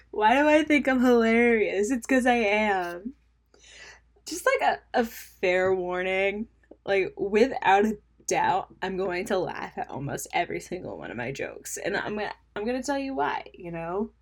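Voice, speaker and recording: A woman's voice: mid-range voice, vocal fry, husky. A young woman hosting a casual solo podcast, rambling and self-mocking, laughing at her own jokes and dropping into mumbled asides. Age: young adult. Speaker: podcast host.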